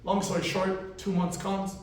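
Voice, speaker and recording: Animated rabbi in a booming echoey hall. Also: male voice, measured pace. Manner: animated storyteller who acts out the characters in the tale. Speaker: rabbi giving a weekly class. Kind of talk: storytelling sermon. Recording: very echoey room, voice from far off, faint noise.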